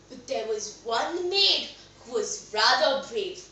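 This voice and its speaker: A young woman telling a folk story aloud, acting out the characters with loud exclamations. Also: fairly high pitch, animated, takes it slowly, a little hiss or hum. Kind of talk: storytelling narration. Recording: echoey room, voice a bit far from mic.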